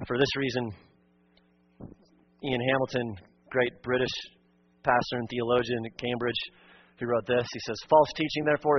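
A man's voice: medium pitch, muffled recording, slight background noise. A male pastor preaching a sermon in an earnest, emphatic way, repeating his key points.

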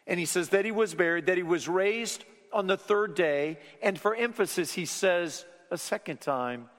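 A man preaching a sermon, rising to loud emphatic lines and then dropping to hushed, low endings. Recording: long hall reverb.

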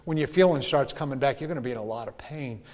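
A man doing a calm, dry doctor. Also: quick pace, close to an everyday voice. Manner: calm and low-key. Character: calm, dry, matter-of-fact male doctor. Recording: long hall reverb.

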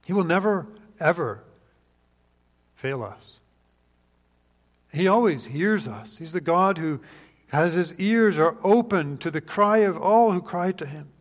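A man's voice: high voice, expressive, unhurried, pauses often. A man preaching a sermon in an earnest, pleading way that rises to fervent questions. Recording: long hall reverb.

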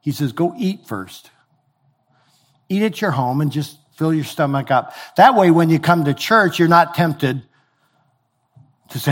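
A man's voice: a little high, animated, unhurried, pauses often. A man preaching a sermon in a conversational way, explaining scripture with everyday examples. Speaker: pastor.

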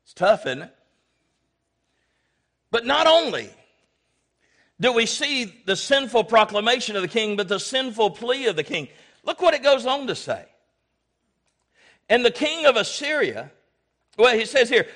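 A man's voice: big pitch swings, moderate pace, pauses often. Emphatic preacher man. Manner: emphatic, swings from loud exhortation to low asides, calls for amens. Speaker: pastor. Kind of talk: sermon.

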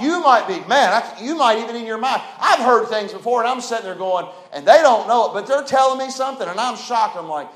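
A pastor preaching a sermon, building to loud emphatic phrases that he draws out slowly. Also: high voice, lively intonation, reverberant. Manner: preaching with rising intensity, drawn-out emphatic phrases.

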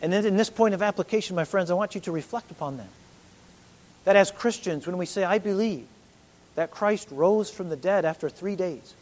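Earnest high-voiced male preacher. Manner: earnest preaching, rising to loud emphatic peaks. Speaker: pastor. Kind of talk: sermon.

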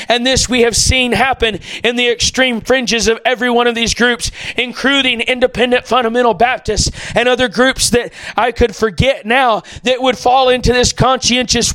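A man preaching an impassioned sermon, often rising into shouts. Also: extremely high pitch, no room sound.

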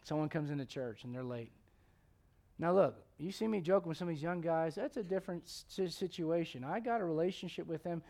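A man preaching a sermon as a pastor, swinging from loud emphatic lines to hushed ones, with joking asides. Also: a little high, a little fast, creaky.

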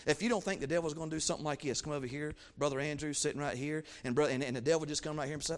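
A man preaching a sermon, fervent and repetitive, swinging from low asides to loud emphatic peaks. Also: steady tone, racing, hardly any pauses. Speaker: pastor.

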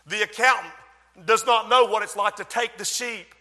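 A man preaching a sermon and praying, dramatic in delivery, swelling loud and dropping soft, slowing down to stress key words. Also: high voice. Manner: dramatic, swells and drops in loudness, slows for emphasis. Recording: long hall reverb.

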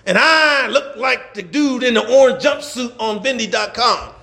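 A man preaching a sermon as pastor, animated, laughing and shouting at times. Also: very high-pitched, moderate pace, vocal fry, reverberant, background noise. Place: church.

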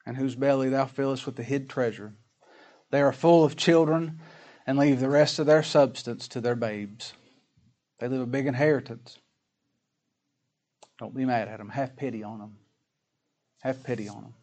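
Older guy preaching, folksy and earnest, gets loud then soft. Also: medium pitch, moderate pace, long pauses. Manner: earnest, folksy, swells louder in prayer then drops soft. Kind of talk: sermon.

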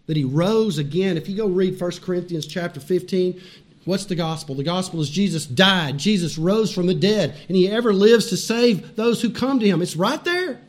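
A male pastor preaching a sermon in a high, bright-toned voice. He talks animatedly, laughs along with his own points, then drops to a hushed intensity, repeating phrases to drive them home.

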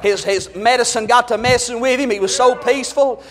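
A man preaching a fervent sermon, rising to shouts. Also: very high voice, steady tone, a little fast, hardly any pauses, in a large hall, faint music behind.

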